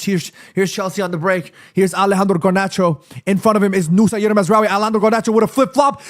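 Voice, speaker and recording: A man's voice: sits high, fast, few pauses. Hyped guy doing live football play-by-play on stream, chatty, talks to chat a lot. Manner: excitable, chatty, talks straight to viewers with slang. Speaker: streamer hosting a football watchalong.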